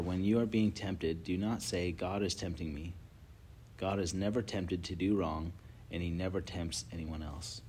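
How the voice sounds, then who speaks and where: A man's voice: low voice, darkish tone, slight background noise. A man leading a casual group Bible study, telling stories with lots of filler words and reading Scripture aloud.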